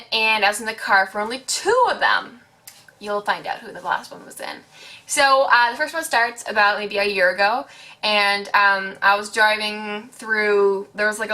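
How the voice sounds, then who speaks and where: Bright-voiced chatty teen woman. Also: mid-range voice. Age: late teens. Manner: chatty, heavy use of "like", animated retelling. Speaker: vlogger. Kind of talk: casual storytime vlog.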